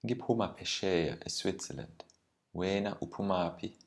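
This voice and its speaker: A man's voice: sits low, animated, moderate pace, vocal fry. A man reading a woman learner's part in a scripted language lesson dialogue, in plain careful speech. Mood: polite. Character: woman learner introducing herself, polite.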